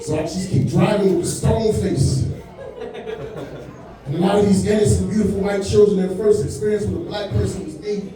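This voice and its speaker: A stand-up comedian in his forties works a comedy club stage with a laid-back, conversational delivery, often saying "man" and "you know what I'm saying". His voice sits high and mellow with a steady tone, fairly quick. The club sound is echoey and distant, with some chatter behind.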